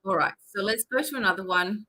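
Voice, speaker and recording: A woman's voice: mid-range voice, fast, sharp tone. A woman hosting a live-stream psychic reading, chatty and instructive, with many fillers. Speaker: psychic reader.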